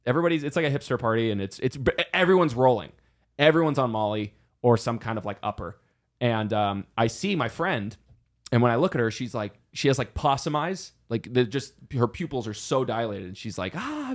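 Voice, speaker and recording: A man's voice: mid-range voice, expressive, a little fast. A young man in his twenties, a podcast co-host telling a story casually, rambling and self-deprecating. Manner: rambling, self-deprecating, full of restarts and acted quotes.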